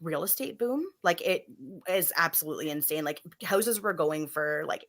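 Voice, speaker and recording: A woman in her thirties, a podcast guest, telling a story in a casual, animated way with many fillers. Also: sits low, normal speed. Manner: animated, filler-heavy, acts out voices in quotes.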